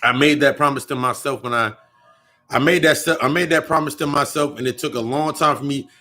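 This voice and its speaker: A man's voice: medium pitch, brisk, sharp tone, faint music behind. A young man talking in a casual spiritual monologue, profane and rambling, often repeating and restarting his phrases. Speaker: occult vlogger.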